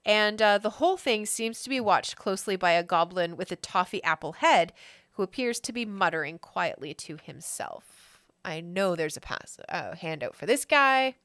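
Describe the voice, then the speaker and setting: Woman game master, chatty, lots of ums, bright tone, very dry close sound. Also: fairly low pitch, animated, normal speed, dry recording. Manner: chatty, laughing often, with many fillers. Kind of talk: narrating a tabletop game.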